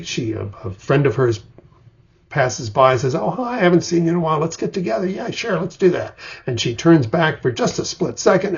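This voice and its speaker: Older male writing instructor, raspy and gravelly, vivid storyteller, lo-fi recording. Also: mid-range voice. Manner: vivid storyteller, acts out examples. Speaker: screenwriting teacher. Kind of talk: explanatory lecture. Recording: dull lo-fi recording.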